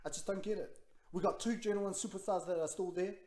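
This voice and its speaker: A man's voice: high voice, steady tone, fairly quick. Rambling man in an echoey room. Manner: rambling, repeats himself, gets worked up and loud. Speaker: podcast co-host. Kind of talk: casual podcast chat.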